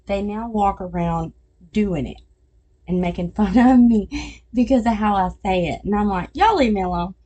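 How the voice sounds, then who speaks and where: A woman's voice: medium pitch, measured pace, mellow. A middle-aged woman hosting a podcast, telling family stories in casual chat and laughing at her own jokes. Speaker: podcast host.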